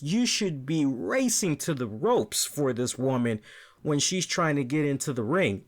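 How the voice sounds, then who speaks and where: A man hosting a wrestling review show, talking casually and with animation, often repeating words and asking "right?". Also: a little high.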